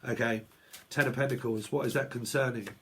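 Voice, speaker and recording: A man's voice: medium pitch, steady tone, a little fast, fairly bright tone, a little hiss or hum. A man giving a casual tarot reading to camera at home, swearing often, laughing, and acting out both sides of imagined arguments. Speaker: tarot reader.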